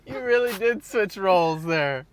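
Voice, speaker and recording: Podcast co-host, eager, laughs a lot, lively swooping pitch, faint noise behind. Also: measured pace. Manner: eager, laughs often, jumps in with comments. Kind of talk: casual podcast chat.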